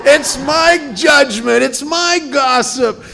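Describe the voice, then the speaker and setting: A man voicing a hysterical little girl who won't let go, whiny and stubborn, in a high, drawn-out voice. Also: creaky, pushed and bright, heavily acted. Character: hysterical little girl clutching her candy bar.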